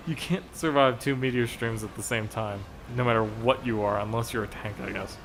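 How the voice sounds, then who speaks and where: A man's voice: medium pitch, moderate pace, fairly bright tone. A man commentating over gameplay footage, explaining a raid strategy in a chatty, rambling way and laughing at his own slip-ups.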